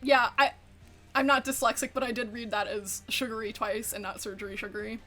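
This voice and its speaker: A woman's voice: fairly high pitch, fairly even intonation, a little fast, bright, forceful tone, soft background music. A woman streaming a game as a VTuber, chatting casually, giggling a lot and swearing freely. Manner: giggly, chatty, often breaks into laughter. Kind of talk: casual chat while gaming.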